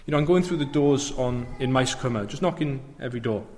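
A man delivers a sermon at a middling pitch, thoughtful and questioning, often asking his listeners rhetorical questions. His voice carries a long reverb from a church. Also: a little fast, darkish tone, a little hiss or hum. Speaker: preacher.

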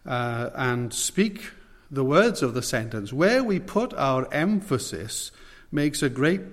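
Male preacher, measured and emphatic, mid pitch, long hall reverb. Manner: measured, emphatic delivery with frequent pauses and fillers. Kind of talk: sermon.

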